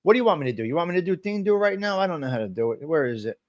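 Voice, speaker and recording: A man's voice: on the high side, very animated, racing, no echo. A man hosting a casual live stream, joking loosely and calling out his chat viewers by name. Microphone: desk microphone.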